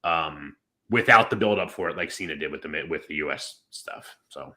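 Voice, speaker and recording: A man's voice: moderate pace, pushed and bright. A man co-hosting a casual wrestling podcast, rambling and acting out quotes in put-on voices. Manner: rambling, acts out quotes with big pitch jumps. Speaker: podcast co-host.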